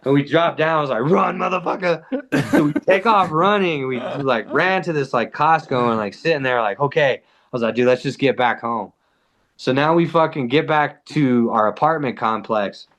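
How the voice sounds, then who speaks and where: A man's voice: mid-range voice, moderate pace. A man telling a wild story as a podcast guest, casual and profane, with "like" in almost every line. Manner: animated, profane, heavy use of "like".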